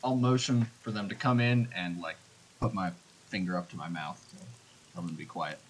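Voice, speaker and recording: A man playing his character in a tabletop game, calm and measured. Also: deep voice, slight background noise, poor audio. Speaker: player. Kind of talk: tabletop role-play.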